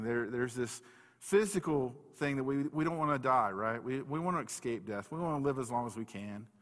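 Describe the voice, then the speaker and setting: A man's voice: mid-range voice, fairly bright tone. Man preaching in a reverberant hall. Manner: conversational preaching with restarts, reads scripture aloud slowly. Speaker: pastor. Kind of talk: sermon.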